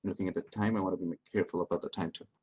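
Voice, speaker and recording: A middle-aged man leading an interactive training workshop, speaking calmly and encouragingly as he reads out answers from the audience. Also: sits low, racing, slightly rough, muffled recording. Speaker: workshop presenter.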